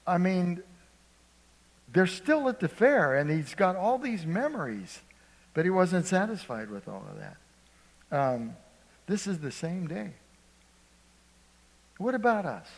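Preacher guy telling a story in a sermon, kinda high voice, big echoey church hall. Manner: storytelling, acts out voices, asks congregation for response.

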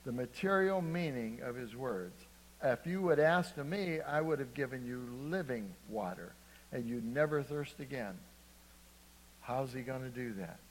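A man's voice: medium pitch, animated, normal speed, big-room sound, a little hiss or hum, rough recording. A man preaching a sermon in a conversational way, asking the congregation to answer "Amen".

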